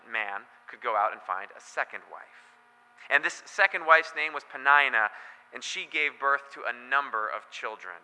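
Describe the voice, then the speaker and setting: Bright-voiced pastor with hall reverb. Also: male voice, medium pitch, smooth. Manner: conversational storytelling with joking asides. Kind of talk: sermon. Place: church.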